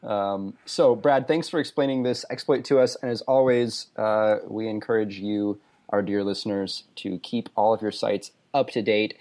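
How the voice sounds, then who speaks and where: A man's voice: fairly low pitch, steady tone, normal speed, few pauses, darkish tone. A man from Texas with a Texan accent, hosting a casual podcast chat in a laid-back, self-deprecating way. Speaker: podcast host.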